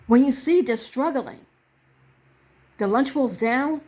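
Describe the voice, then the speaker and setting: A woman's voice: sits high, lively intonation, slow pace, a little mellow, breathy edge. A woman reverend telling a personal story to camera in an earnest way, acting out the quoted dialogue.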